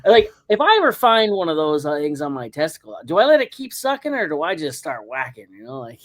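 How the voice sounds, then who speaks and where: Laid-back guy, higher voice. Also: very animated, fairly quick, a bit bright. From Canada. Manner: laid-back, profane, chatty. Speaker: podcast guest. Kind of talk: casual podcast chat.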